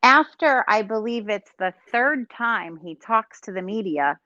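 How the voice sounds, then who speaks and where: A woman's voice: mid-range voice, lively intonation, measured pace, bright, forceful tone, no room sound. Female panelist, insistent and emphatic, dull dry recording. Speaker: podcast panelist. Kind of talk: casual chat.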